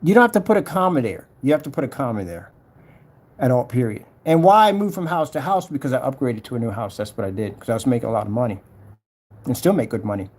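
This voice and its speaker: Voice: medium pitch, expressive, fast, darkish tone, breathy edge. A vlogger ranting casually to camera, scolding and mocking a troll while reading his comments aloud.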